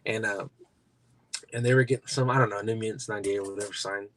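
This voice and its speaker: A man hosting a casual podcast, telling anecdotes with lively acted-out quotes. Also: on the low side, fast, rough recording. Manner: animated anecdotes, acts out quoted voices. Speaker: podcast host. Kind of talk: casual chat, storytelling.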